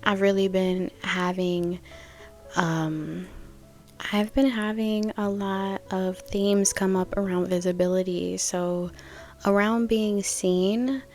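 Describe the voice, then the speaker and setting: A woman's voice: mid-range voice, steady tone, slow pace, a little mellow, faint music behind. A young adult woman hosting a reflective spiritual podcast, musing casually and thinking aloud with many fillers. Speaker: podcast host.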